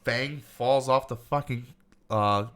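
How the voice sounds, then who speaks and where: A man co-hosting a movie podcast, retelling scenes in a loose, swearing, animated way and acting out the characters' lines. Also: mid-range voice, takes it slowly, clean tone. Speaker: podcast co-host. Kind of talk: casual movie review chat.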